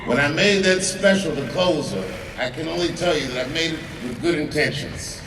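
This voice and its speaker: Profane stand-up comic in a huge amphitheater. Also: male voice, fairly high pitch, animated, very noisy. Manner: profane, conversational, with dramatic pauses. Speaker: stand-up comedian. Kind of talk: live stand-up storytelling. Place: large outdoor amphitheater. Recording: distant, echoing amphitheater sound with crowd.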